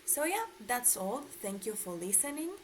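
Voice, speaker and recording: A woman's voice: fairly high pitch, big pitch swings, normal speed, a little hiss or hum, rough recording. A woman student giving a class presentation on linguistics, explaining with frequent hesitations.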